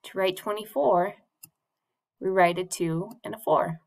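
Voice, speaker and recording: Slow, patient woman teacher. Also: medium pitch, steady tone, creaky, a little mellow. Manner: slow, patient, sing-song prompting. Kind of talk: morning classroom routine for young children. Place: classroom or home teaching space.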